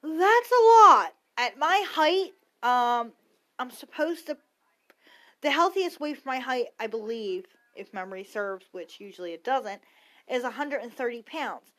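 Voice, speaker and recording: Thirtysomething woman ranting on her podcast, kinda high voice, blunt, swears a lot, rambles all over. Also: a little slow, a bit bright. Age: 30s. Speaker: podcast host. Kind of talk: casual opinion rant.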